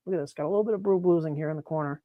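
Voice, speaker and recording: A man chatting excitedly on a live stream as he works on his mushroom grow, laughing and apologizing often. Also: a little high, very fast, no room sound, phone-quality sound. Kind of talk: live-stream chat while working. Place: grow room, indoors.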